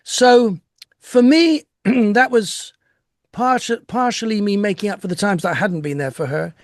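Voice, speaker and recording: A man's voice: high voice, unhurried, no echo, studio quality. An older man speaking reflectively over a video call from home as an interview guest, with laughs and restarts. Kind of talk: casual chat.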